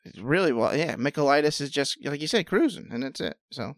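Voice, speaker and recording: A man co-hosting a podcast, answering in relaxed, brief takes and often stammering as he starts. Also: on the high side, brisk, no room sound, clean studio sound. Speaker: podcast co-host. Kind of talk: casual podcast chat about fight scoring.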